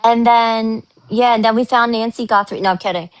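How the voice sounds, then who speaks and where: A woman hosting a podcast, telling a story in a casual, animated way and acting out what others said in a higher voice. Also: fairly quick, clean tone, no echo. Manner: animated, acts out quotes in a higher voice. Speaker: podcast host.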